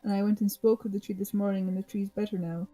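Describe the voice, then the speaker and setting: A woman's voice: mid-range voice, quick pace, soft background music, poor audio. A woman playing a tabletop game, talking casually and giggling often. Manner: giggly, animated. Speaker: player.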